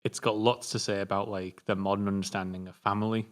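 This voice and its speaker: A young British man co-hosting a film review podcast, talking in a thoughtful, measured way with hesitant restarts. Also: on the low side, little pitch movement. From Britain. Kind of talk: casual chat.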